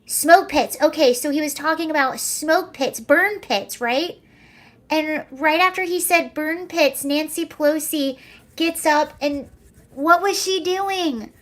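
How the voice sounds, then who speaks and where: A young woman with a voice that sits high speaks at a measured pace while hosting a casual livestream. She's sarcastic, laughs often, and answers viewer comments.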